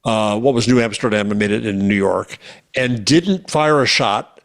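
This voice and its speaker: A man's voice: fairly low pitch, normal speed, vocal fry. A man cohosting a podcast, chatting eagerly about books and stumbling over restarts. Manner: enthusiastic, restarts often. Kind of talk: casual chat.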